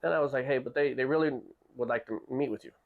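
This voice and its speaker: A man's voice: medium pitch, quick pace, gravelly, narrow, tinny audio. Guy telling a story on his show, jumps into the voices of the people in it, trips over his words a lot. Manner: animated, acts out quoted people with raised voice; restarts and repeats words often. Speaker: podcast host. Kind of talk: casual storytelling.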